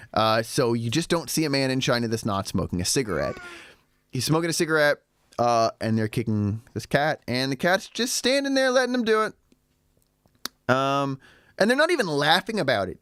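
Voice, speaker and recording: A man's voice: mid-range voice, clear, resonant tone, no room sound, clean studio sound. A man vlogging, telling a story in a rambling, sarcastic, casual way while a little tipsy. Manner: lively, rambling, with sarcastic asides. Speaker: vlogger living in Shanghai.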